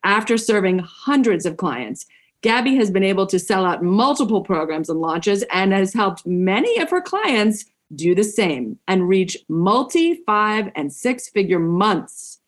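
A woman's voice: medium pitch, very animated, a little slow. A woman hosting a podcast, enthusiastic and motivational, reading an intro and then chatting with a guest. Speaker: podcast host. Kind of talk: upbeat podcast intro and interview.

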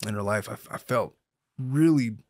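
A man's voice: mid-range voice, normal speed, darkish tone, no echo, studio quality. A middle-aged man co-hosting a podcast, chatting casually and joking, with many restarts. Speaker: podcast co-host. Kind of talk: casual chat.

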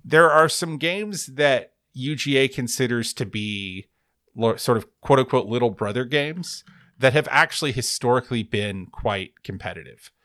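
A man's voice: mid-range voice, lively intonation, normal speed, fairly bright tone, no echo, clean studio sound. A man co-hosting a sports podcast, chatting in a wry, rambling way and often correcting himself. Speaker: podcast co-host. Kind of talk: casual sports chat.

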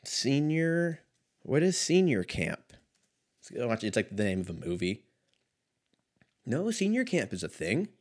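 A man's voice: medium pitch, big pitch swings, a little slow, pauses often, a little mellow. A man in his thirties talking casually on his own, rambling and mocking himself, swearing and laughing often. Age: 30s. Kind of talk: casual solo monologue.

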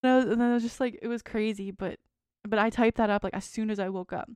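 A woman's voice: on the high side, steady tone, fast, a little mellow, clear, resonant tone, no room sound. A woman in her twenties in casual podcast chat, reading out a long dream journal in a rambling way, full of "like". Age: 20s. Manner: rambling, frequent "like" fillers. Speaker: podcast co-host.

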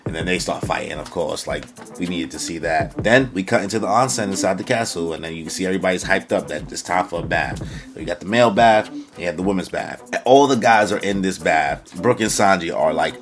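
A young man with a very low voice rambles through a casual chapter review, full of slang and quick quoted voices. Faint music plays softly under his talk. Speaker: anime reviewer.

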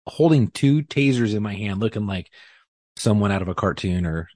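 A man, a police officer, telling a story in casual podcast talk, profane and animated, acting out what people said. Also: on the low side, normal speed, no echo. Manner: profane, animated, acts out quotes.

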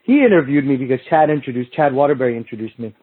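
A man's voice: medium pitch, animated, rapid-fire, slightly rough. A middle-aged man, a podcast guest, telling long rambling stories in casual chat, restarting sentences and acting out quoted lines. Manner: rambling, restarts often, slips into quoted street talk. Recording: tinny phone-like remote line.

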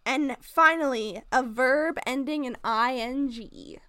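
A young woman co-hosts a podcast in casual chat, running a word game with giggles and teasing. Her voice sits high and sounds bright and crisp. The recording is dry and close. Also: slow pace, no room sound. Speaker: podcast co-host.

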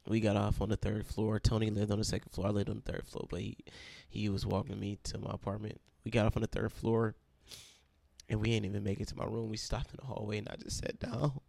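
A man's voice: lowish voice, flat delivery, fast, vocal fry, darkish tone, no echo. A young man giving an emotional testimony and then leading a prayer as a preacher. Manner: earnest, emotional storytelling.

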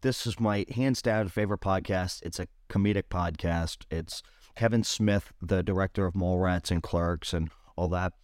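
A man with a Rhode Island accent chats on a podcast in a lowish voice. He tells stories with a lot of animation and leaps up in pitch when he quotes others. The sound is dry and close to the mic. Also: moderate pace, no room sound. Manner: animated storyteller, jumps high when quoting others. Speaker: podcast co-host. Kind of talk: casual chat.

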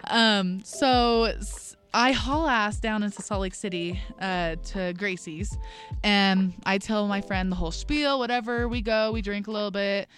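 A young woman in her twenties telling a long story in casual chat, animated, full of "like", acting out what people said. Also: mid-range voice, a little slow, faint music behind. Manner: animated, lots of "like", acts out quotes. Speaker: guest. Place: a bar or restaurant.

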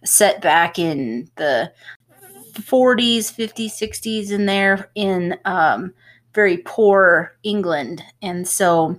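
Woman podcast co-host, nurse, low voice, chatty, rambling explanations. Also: lively intonation, slow pace. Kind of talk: casual podcast chat.

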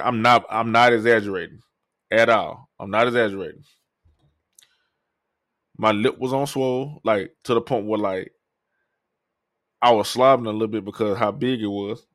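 A man's voice: on the low side, fairly bright tone, no echo, studio quality. A man hosting a podcast, telling a personal story in a loose, profane way and acting out what other people said. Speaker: podcast host. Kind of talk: casual storytelling.

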